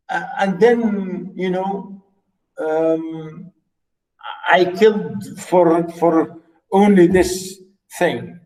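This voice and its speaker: Slow, high-voiced man explaining a story. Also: darkish tone, low-quality recording. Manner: slow, emphatic, repeats key words. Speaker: literature teacher. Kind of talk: reading and explaining a story in class.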